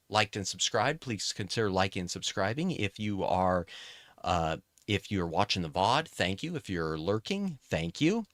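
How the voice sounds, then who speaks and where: A man's voice: lowish voice, fairly bright tone, dry recording, clean studio sound. A man streaming a video game, chatting casually and correcting himself as he plays. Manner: chatty, self-correcting, talks to chat. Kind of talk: casual gameplay commentary.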